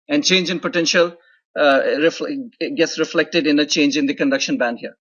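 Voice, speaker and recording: A male university lecturer with a slightly raised, husky voice walks through ideas step by step. He keeps checking in with quick "right?" and "okay?" tags. The recording sounds dull and lo-fi. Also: fairly high pitch, a bit bright. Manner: explanatory, often adds "right?" and "okay?" checks. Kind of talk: classroom lecture.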